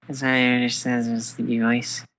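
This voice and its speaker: Woman, casual co-storyteller, slow and easygoing, improvising fan fiction. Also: very deep voice, low-quality recording. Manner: slow, casual, narrates and voices characters loosely.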